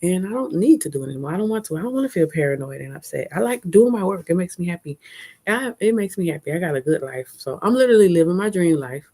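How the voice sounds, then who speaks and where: A chatty woman talks candidly to her live-stream viewers. Her voice sits low for a woman, and she laughs often as she goes. She is recorded outdoors on a phone held at arm's length. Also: darkish tone. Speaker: vlogger hosting a live stream. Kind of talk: casual live-stream chat. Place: outdoors at a fair.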